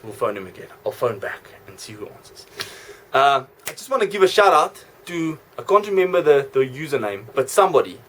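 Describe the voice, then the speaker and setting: A man vlogging in a rambling, jokey, self-correcting way. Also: mid-range voice. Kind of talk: rambling casual monologue.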